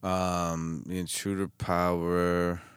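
A middle-aged actor from Chicago, chatting as a guest in a relaxed way and trailing off with fillers. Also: male voice, deep voice, very slow, clear, resonant tone, no room sound, studio quality. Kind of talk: casual interview chat.

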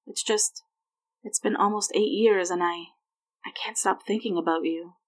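A woman reads the part of a remorseful grown man, halting and stammering as he fumbles for words. The voice sits at a middling pitch for her, in a plain storybook reading. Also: fairly even intonation, lightly acted. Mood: emotional. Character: remorseful grown man, emotional former agent.

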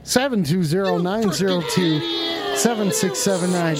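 A man's voice: sits high, animated, soft background music. Exasperated foul-mouthed streaming man. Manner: profane, exasperated, scolding viewers; drawn-out emphatic lines mixed with quick asides. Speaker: livestream host taking call-ins. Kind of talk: rambling livestream talk to chat.

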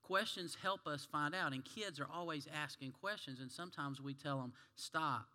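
A man's voice: fairly high pitch, moderate pace, bright, forceful tone, big-room sound. A man preaching a sermon in a folksy, conversational storytelling way.

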